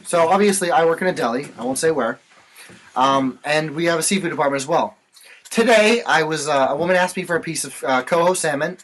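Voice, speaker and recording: High, bright-voiced young man ranting. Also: a little fast, rough recording. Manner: profane, ranting storyteller. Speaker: podcast co-host. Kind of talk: casual chat.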